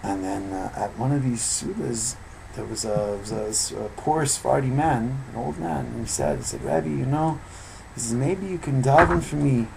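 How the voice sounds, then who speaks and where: A man teaching an informal evening Torah class, telling stories with animated, loud bursts when he acts out quotes. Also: mid-range voice, normal speed, creaky, background noise.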